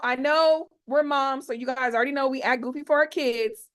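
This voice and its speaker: A woman's voice: high-pitched, normal speed. A woman in her forties hosting an online expo over a video call. She speaks in a playful, chatty, slangy way and hypes up her audience.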